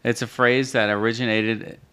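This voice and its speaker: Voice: mid-range voice, flat delivery, moderate pace, bright, forceful tone, clean tone. A podcast co-host chatting casually, hesitant with many restarts, sharing facts looked up online. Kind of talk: casual chat.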